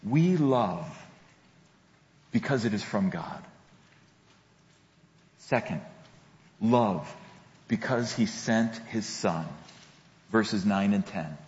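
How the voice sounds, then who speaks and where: Slow, deliberate male pastor preaching. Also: on the low side, lively intonation, a little mellow. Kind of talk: sermon. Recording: dull lo-fi sound with long hall reverb.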